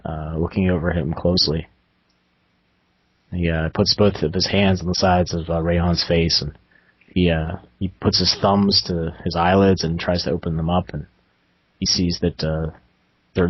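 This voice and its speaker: A man's voice: low voice, steady tone, moderate pace, breathy edge, no echo. A man running a tabletop game as game master, narrating hesitantly with many fillers, over a muffled lo-fi voice chat.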